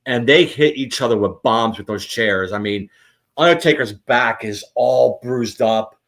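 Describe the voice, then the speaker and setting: Male host, average pitch, rambling casual talker. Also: measured pace, a bit bright. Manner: rambling, many restarts. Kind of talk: casual chat.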